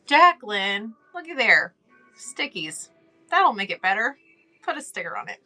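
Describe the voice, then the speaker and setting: A woman's voice: mid-range voice, sing-song, normal speed, sharp tone. Middle-aged woman, casual stream chat, laughs a lot, faint music. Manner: chatty, friendly, reads chat aloud, laughs often. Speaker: livestream host.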